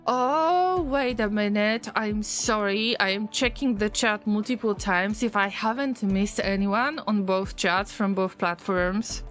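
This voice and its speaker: A woman streaming a game, chatting casually with viewers, easily distracted and prone to sudden excited alarm. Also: medium pitch, measured pace, hardly any pauses, faint music behind. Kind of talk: casual live-stream gameplay commentary.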